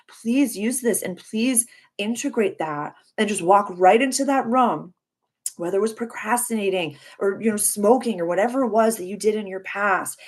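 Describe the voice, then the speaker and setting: A woman in her thirties hosting a live astrology stream, speaking in an effusive, spiritual coaching manner and answering viewers. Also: mid-range voice.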